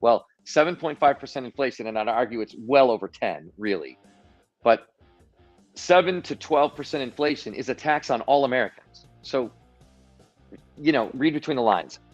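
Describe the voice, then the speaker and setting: Male livestream guest, mid pitch, animated storyteller with frequent restarts, dull lo-fi audio with faint music. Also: moderate pace. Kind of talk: political commentary on a livestream. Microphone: video call.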